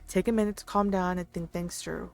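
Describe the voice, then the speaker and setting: A woman's voice: fairly low pitch, fairly even intonation, brisk, gravelly, darkish tone. A woman narrating a story in a tense inner-monologue manner.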